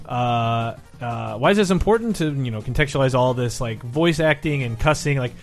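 A man's voice: medium pitch, animated, moderate pace. A man talking loosely on a podcast, rambling through his points with frequent laughs and casual swearing. His voice sits in an ordinary middle range. Faint music plays underneath. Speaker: podcast co-host. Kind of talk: casual chat.

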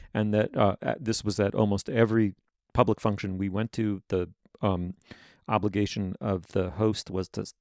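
Guy podcast cohost, low fry-ish voice, lots of ums. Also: a little mellow, no room sound, clean studio sound. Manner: halting, many fillers. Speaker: podcast co-host. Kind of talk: casual chat.

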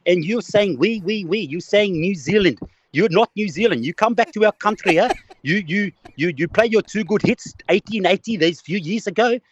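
A bloke doing a cranky cricket coach voice, high and shouty, ribbing the hosts over a muffled line. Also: male voice, normal speed, no echo. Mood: indignant teasing. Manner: loud, teasing, jabbing. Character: brash South African cricket coach, older man, indignant.

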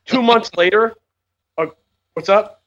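Man, casual storyteller, fairly high voice, profane and rambling, lo-fi sound. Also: a little slow, a bit bright. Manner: rambling, swearing, laughing storyteller. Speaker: storyteller in group chat. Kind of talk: casual chat.

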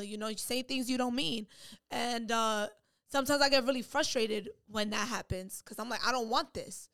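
A woman's voice: high voice, a bit bright, smooth. A woman co-hosting a podcast who defends her view of a relationship, often cutting in and repeating herself. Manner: defensive, interrupts, repeats phrases. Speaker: podcast co-host. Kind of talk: heated casual debate.

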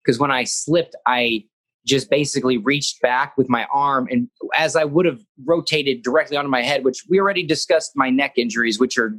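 A young man who wrestles professionally talks earnestly in a casual interview, his medium-pitched voice a bit bright and at normal speed. He rambles, restarts his sentences, and acts out what he said.

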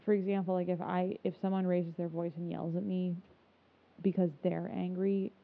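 A woman's voice: on the low side, little pitch movement, moderate pace, vocal fry. A woman co-hosting a podcast, chatting casually with lots of "like" fillers. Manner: chatty, filler-heavy, laughs often. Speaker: podcast co-host. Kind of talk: casual chat. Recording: tinny phone-like sound.

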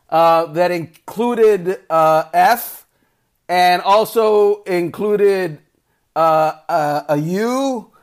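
A man, a sports reporter, telling a story in a casual podcast manner and acting out the people he quotes. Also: high voice. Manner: animated anecdote-telling, acts out quoted voices.

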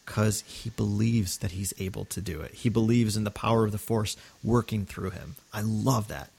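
A man's voice: fairly low pitch, steady tone, normal speed, vocal fry, a little mellow, breathy edge. A man co-hosting a podcast, talking earnestly and enthusiastically in casual chat, with many fillers and restarts. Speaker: podcast co-host.

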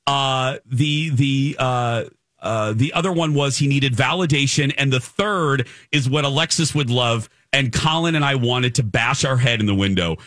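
Brief: male radio host, animated, exasperated storyteller, dry studio sound. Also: mid-range voice, normal speed, dry recording. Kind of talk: comic storytelling on a radio talk show.

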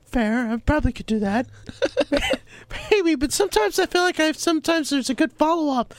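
Man, sick, lost voice, very high strained pitch, self-mocking, casual chat. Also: expressive, brisk, dry recording. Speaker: podcast co-host.

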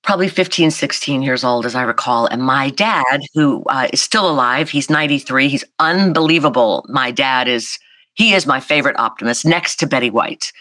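A woman, telling a personal story as an interview guest in a lively, animated way. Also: a bass voice, normal speed, no echo. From South Carolina, US. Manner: animated, vivid storyteller acting out voices. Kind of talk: storytelling in a conversation.

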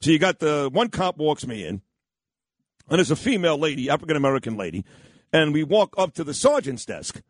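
A man hosts a radio show, his pitch sitting a little high and swinging widely as he tells a story. He talks in a blunt, rambling way, and the studio sound is close and dry. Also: very animated, a little fast, no room sound. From New York. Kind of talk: storytelling and opinionated chat.

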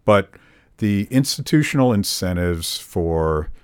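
A male host with a very low voice leads a relaxed interview conversation. He speaks in a measured, reflective way and pauses on fillers now and then. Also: clean tone.

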